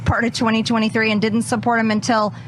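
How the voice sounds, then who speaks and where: A woman's voice: on the high side, little pitch movement, fast, a little hiss or hum. A woman politician giving a TV news interview, pressing her points hard and repeating them for emphasis.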